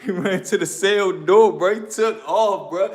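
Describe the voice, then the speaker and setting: A man telling a story in a casual, animated, slangy way, laughing often. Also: high-pitched, measured pace.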